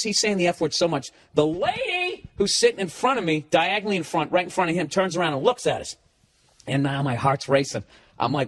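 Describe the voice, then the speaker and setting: Husky, fairly high-voiced male comic on a foul-mouthed storytelling rant. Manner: profane, animated ranting. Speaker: comedian.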